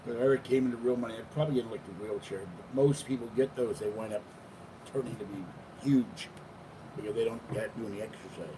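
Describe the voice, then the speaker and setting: Talking quickly from a distance, this older male vlogger has a lowish voice. He meanders casually through his home vlog, cooing now and then at his cats, and the recording picks up plenty of household noise.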